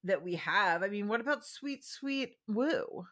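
A woman co-hosts a casual podcast recapping a reality show, chatting in a conversational, opinionated way packed with fillers. Her mid-range voice has lively intonation, a fairly bright tone, and a slightly slow pace.

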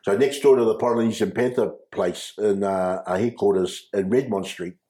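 A man, recounting his life as an interview guest, halting with restarts and frequent chuckles. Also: fairly low pitch, mellow. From New Zealand. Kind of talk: personal storytelling. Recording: echoey room.

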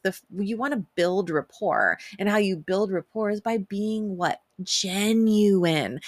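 A brash woman talks straight to camera in a casual self-help monologue, swearing freely and breaking into laughter. Her pitch swings widely and she slips into sing-song voices to quote other people. The sound is dry and close. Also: dry recording. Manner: brash and profane, laughs often.

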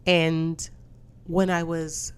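A woman's voice: low-pitched, little pitch movement, extremely slow, clear, resonant tone. A woman hosting a podcast, ranting in a casual, profane, indignant way and telling stories with quoted voices. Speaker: podcast host. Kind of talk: casual solo rant.

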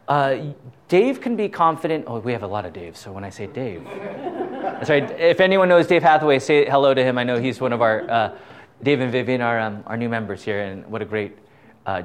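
A middle-aged man leading an informal Bible study, talkative, tossing out rhetorical questions, stammering and chuckling as he goes. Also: fairly high pitch. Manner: talkative, asks rhetorical questions, frequent "right?"; stammers and restarts, chuckles often.

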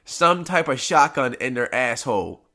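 A man's voice: medium pitch, lively intonation, normal speed, sharp tone. Congested man, rambling and profane. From United States. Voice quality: rambling, profane, laid-back delivery. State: congested from post-nasal drip. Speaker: podcast host. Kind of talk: casual solo podcast chat. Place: at home.

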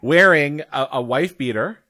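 A man's voice: a little high, animated, a little slow, pushed and bright, no echo. Exasperated young podcast co-host man. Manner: exasperated, sarcastic commentary. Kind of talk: casual podcast chat.

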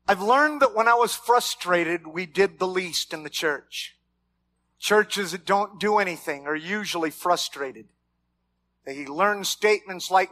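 A man preaching a sermon as pastor, animated, with shouted peaks and dry humor. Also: high-pitched. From Mexican heritage, raised among white Americans.

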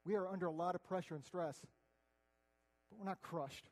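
Male preacher, earnest and conversational, high voice, reverberant hall. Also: moderate pace. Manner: earnest, conversational, swings between loud and hushed. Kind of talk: sermon.

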